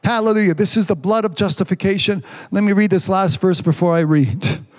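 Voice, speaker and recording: A man's voice: sits high, a little fast. A man preaching a sermon with fervor, often saying amen and hallelujah and calling on the congregation to answer him. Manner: fervent, repeats amen and hallelujah; calls for congregation responses.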